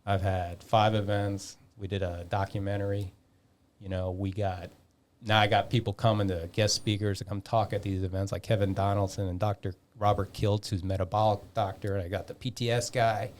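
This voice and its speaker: A man in his fifties telling a long story in a casual podcast chat, animated, swearing freely and acting out the dialogue. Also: on the low side, normal speed. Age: 50s. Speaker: podcast guest.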